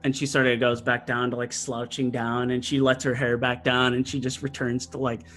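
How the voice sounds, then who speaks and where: A man runs a tabletop game, narrating scenes in a loose, rambling way with plenty of "like" and "um". His voice sits at an ordinary middle pitch, and faint music plays behind him. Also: flat delivery, normal speed, a bit bright. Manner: rambling, full of fillers and likes. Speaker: game master.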